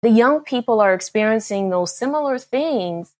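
Woman co-host, slightly high voice, effusive casual chat. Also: lively intonation, normal speed, darkish tone. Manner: effusive, admiring. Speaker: podcast co-host.

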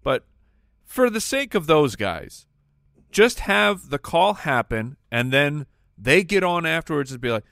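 A man's voice: on the high side, unhurried, gravelly, no room sound, studio quality. A man co-hosting a fantasy football podcast, laughing and arguing his opinions. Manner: animated, laughing, opinionated rants. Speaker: podcast co-host. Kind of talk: casual sports chat.

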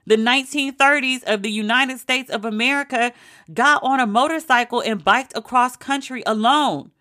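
A woman's voice: high voice, pushed and bright. A woman recapping a TV show in casual, emphatic talk, with some swearing. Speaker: TV show reviewer.

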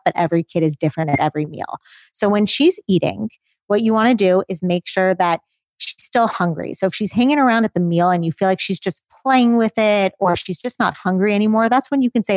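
A woman's voice: fairly low pitch, a little mellow, no room sound. Practical woman giving feeding advice. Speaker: podcast co-host, feeding expert. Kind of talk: advice podcast.

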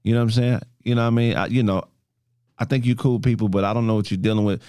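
A man's voice: lowish voice, steady tone, quick pace, dark tone, clear, resonant tone, no room sound, studio quality. A man in a casual group chat, talking bluntly and emphatically with heavy profanity.

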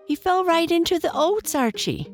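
A woman voicing a little girl who wails and pleads in a high voice, reading a bedtime story. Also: very animated, moderate pace, soft background music. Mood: excited. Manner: high, wailing and begging.

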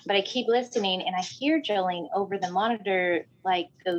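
A woman telling a personal story in casual talk, animated and often saying "like". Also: medium pitch, a little fast, low-quality recording. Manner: animated, acts out voices in quotes, fills with "like".

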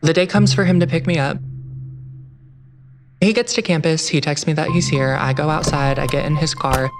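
A man's voice: fairly high pitch, normal speed, background noise. Young man recounting a tense story. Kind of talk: first-person true story retelling. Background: music.

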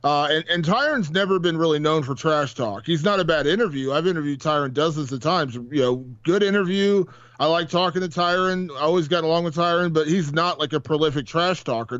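A man's voice: a little high, fairly bright tone, clear, resonant tone, no room sound, muffled recording. A man co-hosting a podcast, chatting casually and rambling with many fillers and restarts. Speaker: podcast co-host. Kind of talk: casual chat.

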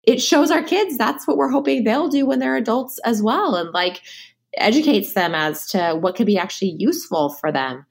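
A woman's voice: fairly high pitch, animated, moderate pace, creaky. A woman hosting an interview, enthusiastic and affirming, using many casual fillers. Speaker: podcast host. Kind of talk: conversational interview.

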